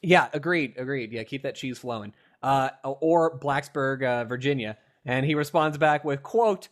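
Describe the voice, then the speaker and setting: A young man hosting a casual podcast, animated and laughing, with lots of fillers. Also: mid-range voice, normal speed, hardly any pauses. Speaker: podcast host. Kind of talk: casual chat.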